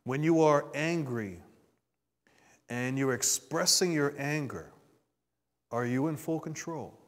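A man delivers a sermon at a slow, deliberate pace, drawing out his words. His voice sits a little high for a man and alternates between hushed asides and forceful, emphatic climbs. He calls out to the congregation for responses, and a long reverb trails each phrase as it rings through a church sanctuary. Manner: dynamic preaching, swinging from quiet asides to emphatic rises. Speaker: preacher.

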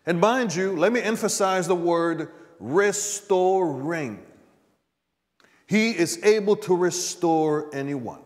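A male pastor delivers a sermon in a fairly high voice, taking his time over each phrase. He calls to the congregation for an amen. The sanctuary rings with a long reverb. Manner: preaching with call-and-response "Amen?". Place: church sanctuary.

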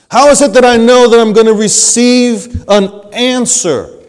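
A male pastor preaching a sermon, swinging between loud emphasis and hushed, low phrases. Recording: long hall reverb.

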